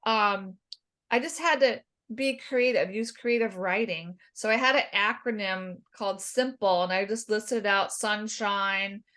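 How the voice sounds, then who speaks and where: A middle-aged woman, a dietitian guest on a podcast, telling a long personal story in a lively, self-deprecating way and acting out the voices in the quotes she recounts. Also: mid-range voice, measured pace.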